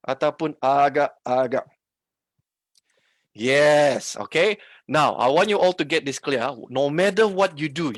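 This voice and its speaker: This Malaysian-accented trading instructor, whose voice is a little high and fairly bright, leads a live online lesson. He switches between English and Malay and keeps asking viewers questions, with no echo in the audio.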